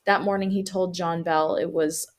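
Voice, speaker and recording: A woman's voice: on the low side, fairly even intonation, moderate pace. A woman co-hosting a podcast, reading out a local legend and breaking in with casual asides and fillers. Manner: reads notes, then adds casual asides with fillers. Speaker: podcast co-host.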